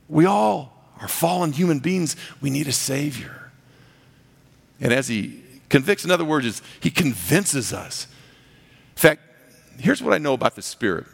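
A man preaching a sermon as pastor, animated and acting out the voices he quotes. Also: mid-range voice, creaky, breathy edge, long reverb tail.

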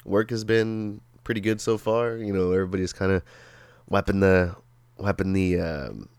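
A young man talking casually on a podcast while sick with the flu, his voice sitting on the low side. He swears freely and laughs a lot. The sound is dry and close, with no room around it. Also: normal speed, a little mellow, clear, resonant tone, no room sound. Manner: laid-back, swears a lot, laughs often. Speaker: podcast co-host. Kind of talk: casual chat.

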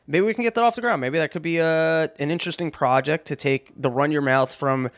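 A man hosts a podcast and delivers a comedic rant full of swearing and stumbling restarts. His voice sits a little high for a man and sounds dry and close to the mic. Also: fairly quick, dry recording. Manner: animated, swearing, stammering restarts. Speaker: podcast host.

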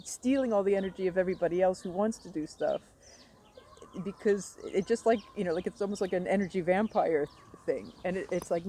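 A woman guest in a casual conversation, telling stories with animated energy and frequent laughter. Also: fairly low pitch, fairly quick, a little hiss or hum, poor audio. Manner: laughs often, animated storytelling. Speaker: stand-up comedy teacher, guest.

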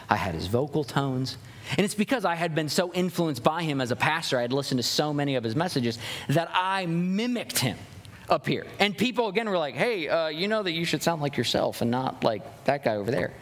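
A young man delivers a sermon from the pulpit with earnest conviction. His voice sits a little high and he drives his points home with strings of rhetorical questions, often backing up to restart a phrase. A long reverb rings around him from the sanctuary. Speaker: pastor. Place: church sanctuary.

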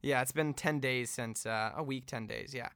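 A man's voice: medium pitch, moderate pace, fairly bright tone, clean tone, no room sound. A young man hosting a casual chat, eager and jumping in often. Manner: eager, interjecting, often restarts mid-sentence. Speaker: host.

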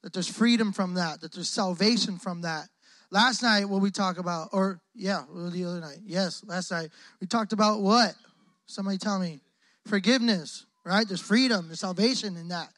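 High-voiced man preaching with playful slang. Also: moderate pace, a bit bright, dry recording. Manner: playful, joking, heavy casual slang. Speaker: guest preacher. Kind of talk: lively call-and-response sermon. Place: church hall with a congregation. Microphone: close microphone on the speaker.

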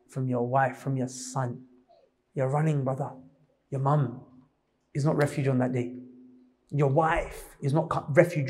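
A man preaching a sermon, emphatic and quick, often questioning his listeners. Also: mid-range voice, in a large hall, slight background noise. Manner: rapid, emphatic, questions the audience.

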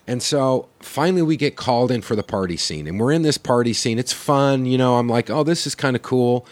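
A man's voice: medium pitch, lively intonation, brisk. A man telling a long story in a casual podcast chat, swearing freely and acting out the lines of the people in it. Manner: profane storyteller acting out quoted dialogue.

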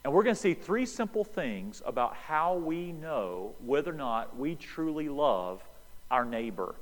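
In a large hall, a pastor from the United States delivers a lively sermon at a measured pace, acting out the dialogue of a Bible story while explaining it. His voice sits on the high side, and the audio quality is poor.

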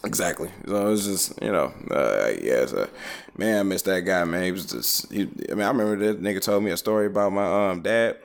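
A man with a low voice tells stories in a loose, casual chat. He talks in a laid-back, profane way and breaks into laughter often. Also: expressive, a little fast.

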